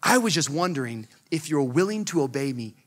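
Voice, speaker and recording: A man voicing God speaking to him in a slow, quiet, deliberate way. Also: fairly high pitch, expressive. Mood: calm, searching. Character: voice of God, calm, slow, patient male.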